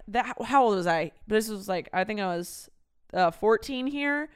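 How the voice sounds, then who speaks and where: A woman's voice: medium pitch, lively intonation, normal speed, clean tone. A woman in her thirties hosting a podcast, chatting casually and reading her old diaries aloud, swearing freely and laughing at herself. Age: 30s. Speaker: podcast host.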